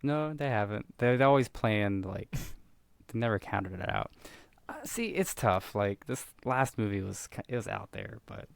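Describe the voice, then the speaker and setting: A young man co-hosting a podcast in joking casual chat, his voice low and gravelly with plenty of fry. The sound is dry and close, with little room in it, and he drops into mumbled asides. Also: big pitch swings, a little slow, dry recording. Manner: jokey, mumbly asides, laughs at his own jokes. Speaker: podcast co-host.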